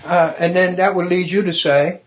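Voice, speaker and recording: Man comedian guest, slightly high voice, storyteller who cracks up at his own jokes. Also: fairly even intonation, moderate pace, muffled recording. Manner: storytelling, builds jokes and laughs loudly at his own punchlines. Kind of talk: casual podcast chat with joke telling.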